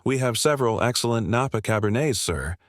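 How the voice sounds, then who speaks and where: A man voicing a polite, experienced male waiter who speaks calmly and courteously. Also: medium pitch, brisk, no room sound, clean studio sound, close to an everyday voice. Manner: calm, courteous.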